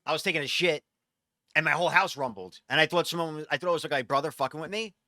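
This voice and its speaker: A man, a streamer, telling a story in casual, profane, animated talk. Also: fairly high pitch, rapid-fire, dry recording.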